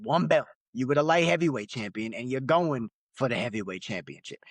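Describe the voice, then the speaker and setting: In relaxed chat on a podcast he co-hosts, a young man talks loosely, full of slang and frequent laughs. His voice is mid-range with lively intonation, his delivery brisk, and there's no room sound.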